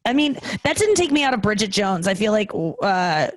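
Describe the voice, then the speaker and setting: Teasing, excitable woman comedian. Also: mid-range voice, brisk, no echo. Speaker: comedian guest. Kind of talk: casual podcast banter.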